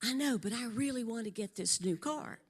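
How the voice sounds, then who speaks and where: A woman's voice: fairly high pitch, expressive, moderate pace, breathy edge, pitched above the performer's own voice. A woman voicing a laughing mother. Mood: pleading. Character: cheerful older Southern mother, warm and laughing.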